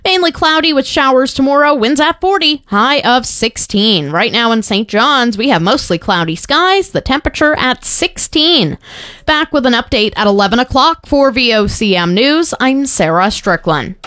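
Radio news lady reading the weather, higher voice, dead dry studio mic. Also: expressive, a bit bright, no room sound. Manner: crisp, brisk read. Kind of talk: scripted weather report.

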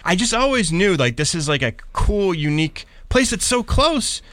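A man from Pittsburgh, a traveling musician, telling stories in a casual interview with lively enthusiasm. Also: high-pitched, moderate pace, dry recording. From Pittsburgh, USA. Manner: enthusiastic, animated storyteller.

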